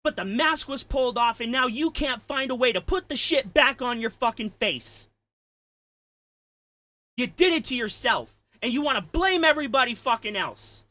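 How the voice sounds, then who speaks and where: A man delivering an angry, profane ranting commentary, heated and shouting at times. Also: extremely high pitch, lively intonation, normal speed, few pauses, no room sound. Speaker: commentary streamer.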